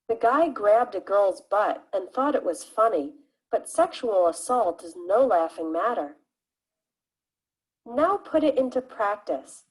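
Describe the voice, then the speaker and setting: A woman's voice: medium pitch, darkish tone, slightly rough, rough recording. A woman reading vocabulary examples and explanations in a plain, scripted way. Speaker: English teacher. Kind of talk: scripted lesson narration.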